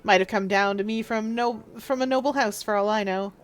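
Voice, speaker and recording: A woman's voice: medium pitch, steady tone, brisk, natural voice. A woman voicing a boastful, street-wise rat-catcher shopkeeper in a chatty, cheeky manner as she reads a text game aloud.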